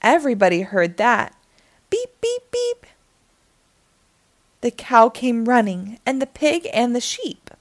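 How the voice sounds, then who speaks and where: A woman reads a children's picture book aloud in an expressive, sing-song storytelling style. Her voice is fairly high, her pace moderate with hardly any pauses, and there's no room sound.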